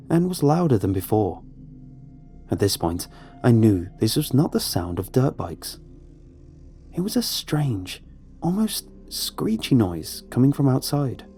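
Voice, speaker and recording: Man, horror story narration, mellow dark tone, lively pitch, faint music underneath. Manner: measured, suspenseful storytelling.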